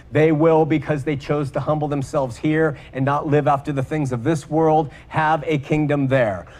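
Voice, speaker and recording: A man preaches a sermon in a voice that sits a little high for a man. He is emphatic, often repeating a word several times for stress. He slows right down on the points he wants to land.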